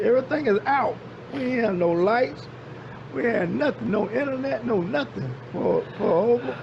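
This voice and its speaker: Man, gravelly, higher-pitched, emphatic casual storyteller, muffled lo-fi audio with noise. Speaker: podcast guest. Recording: muffled lo-fi stream with background noise.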